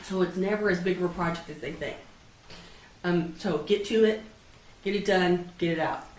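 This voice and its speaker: A woman's voice: lowish voice, moderate pace, a little mellow. A woman with a cold giving a casual presentation to a meetup group, chatty and forever asking the room "right?". She is heard from a little way off in an echoey room. A faint hum of room noise sits behind her. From Texas. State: has a cold. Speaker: professional organizer giving a talk. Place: meeting room with an audience. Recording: echoey room, mic at a distance.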